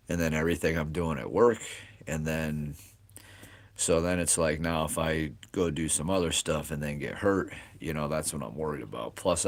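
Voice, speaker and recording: A man's voice: rumbling low, vocal fry. A man in his late forties, hosting a casual livestream and talking loosely to viewers, rambling with lots of "you know" and "like.". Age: 40s. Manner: rambling, thinks aloud with many "you know" and "like". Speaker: livestream host. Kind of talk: casual live chat with viewers.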